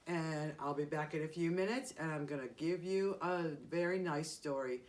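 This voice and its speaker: A woman who entertains children, speaking to young kids in a gentle, sing-song way with exaggerated emphasis. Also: deep voice, normal speed.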